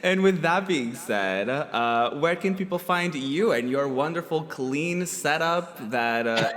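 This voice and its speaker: A man's voice: a little high, animated, slow, fairly bright tone, big-room sound. A man hosting a casual chat show, campy and playfully teasing. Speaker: host.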